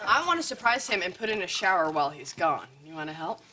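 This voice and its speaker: An actress playing a playful, quirky young wife in a sitcom, with studio audience laughter behind. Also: female voice, fairly low pitch, lively intonation, fast, noisy background, close to an everyday voice. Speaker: free-spirited sitcom wife. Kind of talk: sitcom acting.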